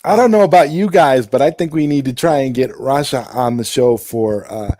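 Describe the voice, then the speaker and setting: A man's voice: medium pitch, normal speed, dark tone, no room sound. Upbeat man with a dry sound. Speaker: radio show host, guest. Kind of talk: casual online show chat.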